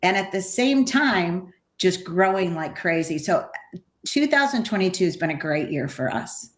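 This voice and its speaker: A woman's voice: lowish voice, lively intonation, normal speed. An enthusiastic middle-aged woman talks about running her agency in an interview. Her voice rings in a noticeably echoey room. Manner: enthusiastic, laughs easily. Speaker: host agency owner and CEO. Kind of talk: webinar interview.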